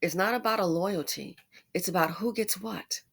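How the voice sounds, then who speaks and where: A woman giving a casual commentary monologue in a conversational way, with animated asides. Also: medium pitch, moderate pace, vocal fry, slightly rough. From United States. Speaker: commentary YouTuber.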